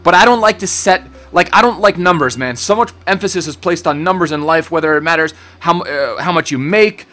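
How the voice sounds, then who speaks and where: A man's voice: on the high side, a little fast, few pauses, pushed and bright. A young man hosting a gaming channel, chatting loosely through a Q&A, rambling and laid-back, swearing and calling people bro. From born in Switzerland, raised in Germany and the United States. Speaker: YouTube gaming channel host. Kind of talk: casual Q&A chat to camera.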